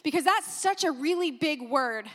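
A woman preaching a sermon, animated and emphatic, exclaiming and repeating phrases for emphasis. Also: high voice, moderate pace, big-room sound. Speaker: pastor.

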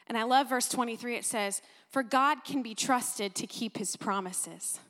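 A woman preaching a sermon, animated and emphatic, exclaiming and repeating phrases for emphasis. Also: high-pitched, moderate pace, long reverb tail. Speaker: pastor.

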